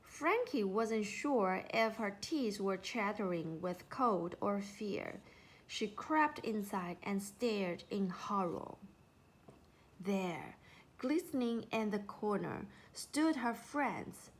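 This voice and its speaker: A woman narrating a children's storybook in an unhurried, expressive way. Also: medium pitch.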